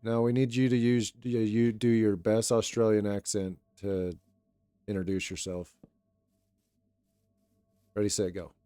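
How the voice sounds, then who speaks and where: A young man streaming and chatting casually with viewers in a relaxed, rambling way, his voice a little raw today. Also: on the low side, a little slow, long pauses, smooth, no room sound, clean studio sound, faint music behind. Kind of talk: casual live-stream chat.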